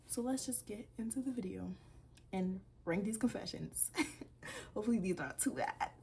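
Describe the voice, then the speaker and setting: A young woman hosting a casual vlog, reading posts aloud and reacting with animated disbelief and swearing. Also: medium pitch, moderate pace, gravelly. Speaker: video creator.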